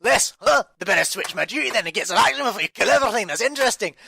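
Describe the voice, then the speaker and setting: A man's voice: sits high, lively intonation, rapid-fire, vocal fry, sharp tone, slight background noise, pitched above the performer's own voice, exaggerated voice. A man voicing a smirking, mocking male town gatekeeper in a raised, sneering tone.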